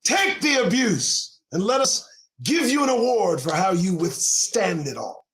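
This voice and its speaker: A man's voice: high voice, very animated, measured pace, a bit bright, poor audio. A male podcast host giving a heated, profane commentary monologue on news items, firing off rhetorical questions.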